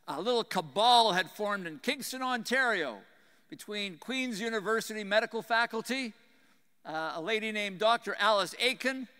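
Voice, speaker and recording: A middle-aged man with a faint Texan twang gives an earnest speech to an audience, his voice high and bright. He sounds smooth and clear, leaning hard into key points, then dropping quiet and intense. A long reverb trails behind him in a big hall. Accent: slight Texan twang. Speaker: former senior military commander giving a speech.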